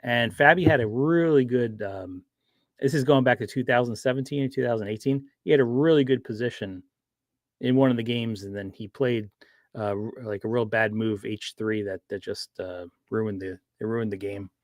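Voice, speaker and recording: A man's voice: mid-range voice, moderate pace, no echo, studio quality. A man chatting casually on a livestream, rambling with frequent restarts and fillers. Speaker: streamer.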